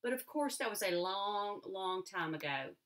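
Woman reading as a smooth, ingratiating stranger. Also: medium pitch, lively intonation, unhurried, a bit bright. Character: tall, smooth-talking stranger, oddly charming man.

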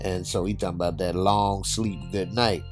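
Slangy, low-voiced man recapping a show. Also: fairly even intonation, moderate pace, faint music behind. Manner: laid-back, slangy, lots of "uh" fillers. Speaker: TV episode reviewer. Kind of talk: casual recap narration.

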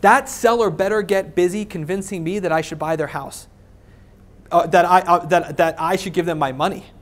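A man speaking at a live real estate seminar, talking with energy, stressing his points, checking in with "right?" and acting out sellers' lines. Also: high-pitched. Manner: energetic, emphatic, repeats points and asks the audience "right?"; acts out sellers' questions and excuses in quick quoted voices.

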